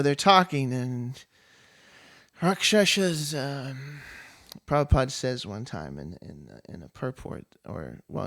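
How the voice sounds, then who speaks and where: A man casually retelling a story from an old epic, with a relaxed, chuckling manner and many fillers. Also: medium pitch, creaky.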